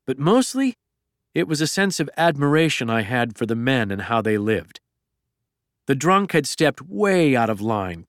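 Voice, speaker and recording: Middle-aged guy reading his memoir, smooth clear voice, dry close sound. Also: mid-range voice, dry recording. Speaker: narrator. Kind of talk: memoir audiobook narration.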